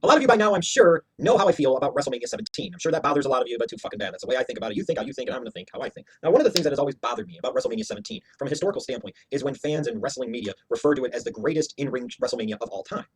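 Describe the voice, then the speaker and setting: A man's voice: medium pitch, expressive, very fast, hardly any pauses, breathy edge. A man giving a heated, profane, opinionated review rant as a wrestling show reviewer, hammering his points with emphatic repetition.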